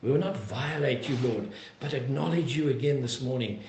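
A man pastor preaching a sermon and praying, earnest and emphatic, slowing down to plead. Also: medium pitch, darkish tone, reverberant, a little hiss or hum. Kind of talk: sermon and closing prayer.

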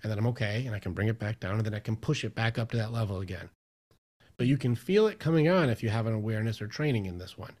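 A man who works as a mindset coach, chatting as a podcast guest and telling stories with lively acted-out inner dialogue. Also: fairly low pitch, quick pace. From Michigan, US. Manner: animated storyteller, acts out his own inner voice. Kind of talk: casual interview chat.

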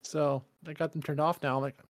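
A man co-hosting a podcast in casual chat, excitable, swearing and laughing as he talks. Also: a little high, very fast, dry recording, studio quality. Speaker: podcast co-host.

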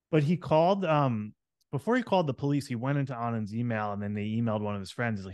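A man's voice: mid-range voice, fast, no echo, clean studio sound. A man hosting a podcast, telling a personal story in a candid, reflective way with frequent fillers. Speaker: podcast host.

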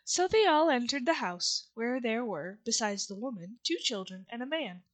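A woman reads a classic storybook aloud in a steady storytelling voice. Her pitch sits somewhat high. The delivery is plain and even. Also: normal speed. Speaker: narrator. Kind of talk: audiobook narration.

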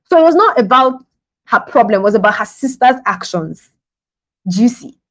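A woman's voice: fairly high pitch, animated, normal speed, fairly bright tone, poor audio. A woman giving a devotional sermon on a podcast in a conversational style, laughing often and acting out the scenes she describes. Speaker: podcast preacher.

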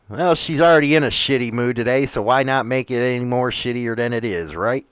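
A man's voice: medium pitch, fairly quick, few pauses, a bit bright, clear, resonant tone, dry recording. A middle-aged man hosting a radio show, rambling bluntly and swearing freely in a casual monologue.

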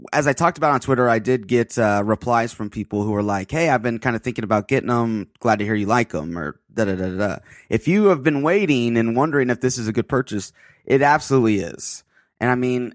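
A man's voice: medium pitch, no echo, clean studio sound. A man co-hosting a casual tech podcast, talking in a laid-back, hedging way full of fillers. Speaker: podcast co-host.

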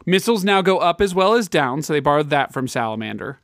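Male co-host, rambling casual talker, slightly high voice, dry close mic. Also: sing-song, fast talker, fairly bright tone, no echo. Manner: rambling, with many fillers and restarts. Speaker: podcast co-host. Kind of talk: casual chat about retro games.

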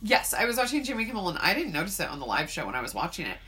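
Animated, swearing woman podcaster. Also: fairly low pitch, rapid-fire. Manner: animated storyteller, swears freely, acts out quotes. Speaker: podcast co-host. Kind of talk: casual chat.

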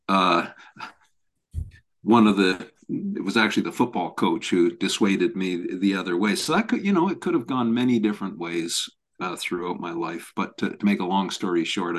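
A man who is a professor of spine biomechanics, speaking as a podcast guest and telling stories earnestly, often repeating words as he restarts. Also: low-pitched. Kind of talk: conversational storytelling.

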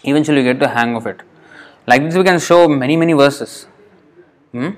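A man teaching a Sanskrit class, patiently spelling out words and repeating them slowly as he explains sandhi rules. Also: mid-range voice.

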